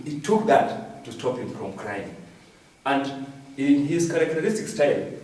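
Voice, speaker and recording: A Kenyan comedian performs a satirical comic news monologue, repeating every punchline with "I'm telling you." His voice is on the high side and a little mellow, and the recording is very echoey, as if he were far from the mic.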